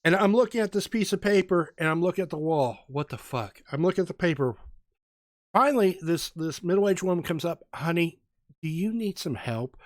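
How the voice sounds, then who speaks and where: Animated, slightly high-voiced man telling stories. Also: fairly quick, dry recording, clean studio sound. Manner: animated storyteller, acts out voices. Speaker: podcast co-host. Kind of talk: casual chat, storytelling.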